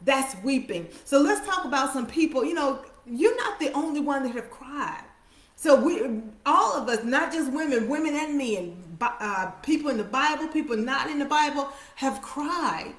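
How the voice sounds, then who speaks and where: High-voiced woman preaching in an echoey room. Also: animated, normal speed. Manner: repetitive emphatic preaching, drops to soft quiet lines. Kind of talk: sermon.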